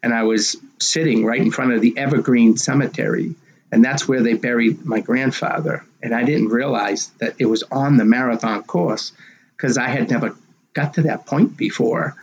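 A man in his sixties, a race director telling his story in an interview in an animated way and acting out the dialogue. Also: medium pitch, normal speed, breathy edge, muffled recording.

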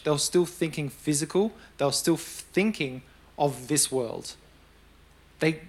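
A young adult man preaching a sermon in a conversational style, acting out the voices of the people he quotes. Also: a little high. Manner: conversational, animated storytelling with acted-out quotes.

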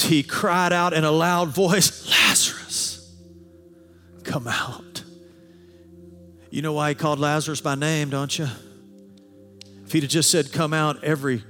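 A man preaching a sermon with animated delivery, sometimes acting out quoted voices. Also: fairly high pitch. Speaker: pastor. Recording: long hall reverb with faint music.

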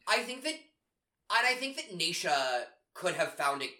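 A man's voice: high voice, big pitch swings, measured pace, bright, forceful tone. A man co-hosting a casual podcast chat, making dry, wry remarks. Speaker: podcast co-host. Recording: roomy echo.

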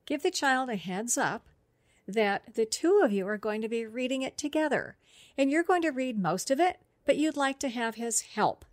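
A middle-aged woman talks through therapy techniques on a podcast, upbeat and walking through them point by point. Her voice sits at an ordinary middle pitch. The sound is dry and close, with no room around it. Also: no room sound. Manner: explanatory, upbeat, lists steps. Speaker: speech-language therapist guest. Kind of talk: instructional podcast talk.

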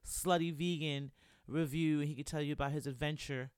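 A man's voice: a little high, steady tone, a little fast, clean tone, no echo, clean studio sound. A young man hosting a solo podcast in a casual, chatty way. He keeps encouraging his listeners and checking in with them. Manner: chatty and encouraging, constantly checking in with "right?" and "you know". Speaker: podcast host.

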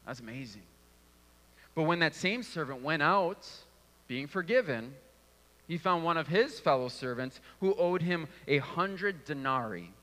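Male preacher, fairly high, bright tone, casual sermon delivery in a reverberant hall. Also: expressive, unhurried. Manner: conversational, repeats words when restarting.

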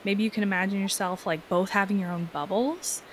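A woman's voice: medium pitch, steady tone, brisk, slight background noise. A woman talking casually as an interview guest, chatty and full of filler words, laughing often. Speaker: energy healer guest.

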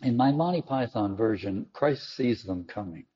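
A man giving a reflective sermon-style talk on the Gospel, acting out quoted lines with sudden high jumps in pitch. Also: expressive, normal speed, breathy edge. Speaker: Catholic teacher or preacher. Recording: dull lo-fi recording.

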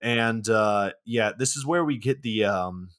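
A man's voice: on the low side, measured pace, a bit bright. A man in his twenties co-hosting a podcast, casually recapping a film's plot with plenty of swearing and filler words. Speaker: podcast co-host.

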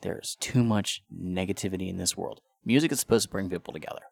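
A man's voice: low voice, fast, vocal fry, darkish tone, dry recording. A man hosting a podcast, ranting casually and profanely with frequent stammered restarts. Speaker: podcast host.

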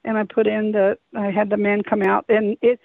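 A woman's voice: mid-range voice, little pitch movement, moderate pace, gravelly, no echo. A woman calling in to tell a personal story, talking in an earnest, rambling way and often correcting herself. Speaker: caller sharing an encounter. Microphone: telephone. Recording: tinny phone line.

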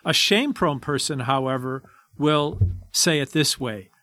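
A man reading scripture verses aloud and then explaining them in a measured, deliberate way. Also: medium pitch, animated, bright, forceful tone, dry recording.

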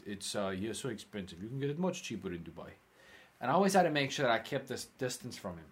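A man co-hosting a casual chat, telling long stories with swearing and quick impressions of the people in them. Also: lowish voice. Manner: animated, swearing, acts out quoted people.

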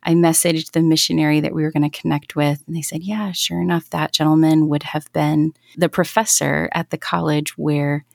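Woman, 30s, low gravelly voice, earnest testimony, dry close sound. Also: flat delivery, moderate pace, few pauses, no room sound. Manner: earnest, reflective storytelling with restarts. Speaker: guest. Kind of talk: personal testimony in an interview.

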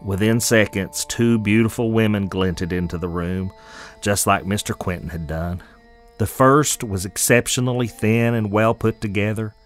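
Male narrator, lowish voice, faint music under. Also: fairly bright tone. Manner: measured, descriptive storytelling. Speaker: storyteller. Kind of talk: scripted narration.

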